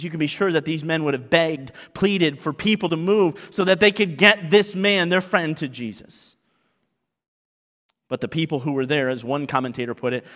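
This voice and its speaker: Canadian pastor preaching loud and animated, bright voice, big hall echo. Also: male voice, a little high. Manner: animated preaching, acting out voices, swinging from quiet asides to loud exclamations. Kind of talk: sermon. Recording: long reverb of a large hall.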